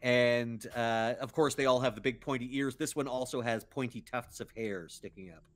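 A man's voice: mid-range voice, fairly even intonation, moderate pace. A man narrating a tabletop role-playing game as game master, playful and full of fillers.

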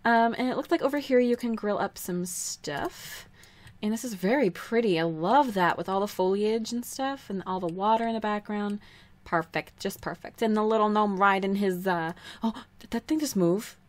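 A woman's voice: medium pitch, moderate pace, no echo. Chatty giggly young woman gamer. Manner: chatty and giggly, rambling with many fillers. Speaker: let's play host. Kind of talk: casual gameplay commentary.

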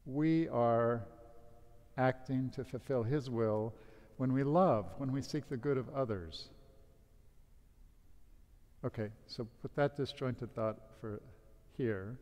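A man's voice: medium pitch, slow, long pauses, a little mellow. A man officiating a wedding as priest, giving a casual homily with a joke. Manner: casual, joking storyteller. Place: church. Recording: long church reverb.

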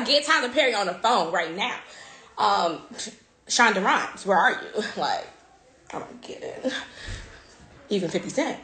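A woman's voice: mid-range voice, lively intonation, a little slow, pauses often, a bit bright, reverberant. A young woman chatting casually on a phone livestream, playful and teasing, laughing often. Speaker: social media host.

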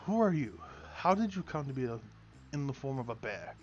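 A man's voice: medium pitch, animated, measured pace, lo-fi sound, slight background noise, natural voice. A man voicing a young male knight who speaks firmly and formally. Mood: defiant. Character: young male knight, defiant but unsure. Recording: music playing behind.

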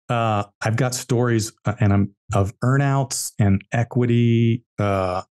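A man's voice: mid-range voice, takes it slowly, darkish tone. A man, an entrepreneur guest on a podcast, telling business stories bluntly and emphatically, repeating key words. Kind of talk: podcast interview storytelling.

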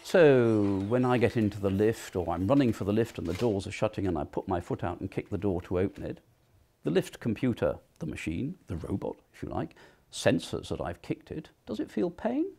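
Academic guy explaining robots, dark gravelly voice, calm measured talk. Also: fairly low pitch. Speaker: academic interviewee. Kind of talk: documentary interview.

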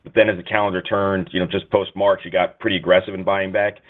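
Deep fast-talking analyst on the phone. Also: male voice, little pitch movement. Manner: rambling, hedging questions with fillers. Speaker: analyst caller. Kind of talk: earnings call questions. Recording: tinny phone line.

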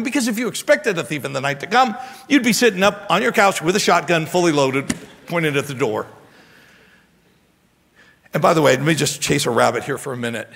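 A man pastor preaching a sermon in an animated way, often stammering and restarting his words. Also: fairly high pitch, creaky, husky. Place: church sanctuary. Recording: long church hall reverb.

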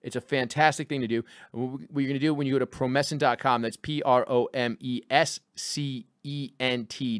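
A man hosting a comedy podcast, reading an ad and bantering quickly. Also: medium pitch, dry recording, studio quality. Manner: rapid, chatty delivery. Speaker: podcast host. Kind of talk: casual podcast banter and ad read.

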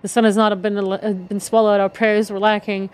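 A woman voicing a solemn, sorrowful male devotee of a god from a video game, speaking in a halting, lamenting way. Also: medium pitch, flat delivery, a little mellow, clear, resonant tone, voice pushed down, lightly acted. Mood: mournful. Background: game music.

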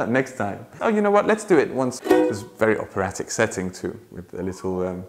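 A man's voice: fairly low pitch, big pitch swings, moderate pace, loud music behind the voice. A man teaching ukulele in a casual, chatty way, laughing often and breaking into song. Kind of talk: casual tutorial talk with sung demonstrations. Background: ukulele playing.

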